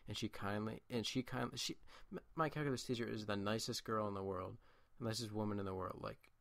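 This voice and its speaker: A teenage guy chats over his gameplay in a low voice. He rambles through a school story with constant asides and restarts. His voice is dry and close, with no room sound. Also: steady tone, brisk, creaky, fairly bright tone, no echo. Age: late teens. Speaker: gameplay commentator.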